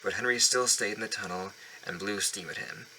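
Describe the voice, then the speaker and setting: A man's voice: fairly low pitch, fairly quick, bright, forceful tone, a little hiss or hum, low-quality recording. A man reading a children's storybook aloud at home, often stumbling and restarting lines. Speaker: reader of a children's book. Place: home basement.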